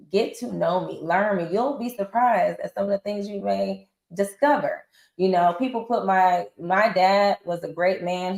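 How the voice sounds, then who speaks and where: A woman's voice: on the low side, gravelly. A woman in her forties telling stories in a casual interview, acting out what others said. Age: 40s. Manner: animated storyteller acting out quotes. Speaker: interview guest. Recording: roomy echo.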